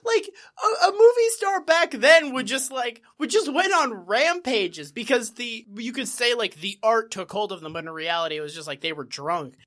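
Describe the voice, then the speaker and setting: A man co-hosting a casual comedy podcast, riffing excitably and swearing freely. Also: extremely high pitch, moderate pace, hardly any pauses. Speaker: podcast co-host.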